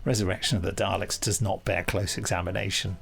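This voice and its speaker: A man's voice: deep voice, little pitch movement, fast, gravelly, fairly bright tone, soft background music. A man co-hosting a podcast, chatting in a wry, digressive way. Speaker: podcast co-host. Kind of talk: casual podcast commentary chat.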